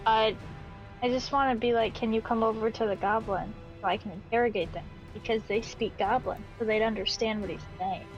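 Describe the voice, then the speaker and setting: An eager woman player who keeps asking the game master what her character is allowed to do. Her voice comes through a dull, lo-fi mic, with soft music faintly behind it. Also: a little high, fairly even intonation, brisk. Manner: eager, asks rules questions. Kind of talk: casual tabletop play.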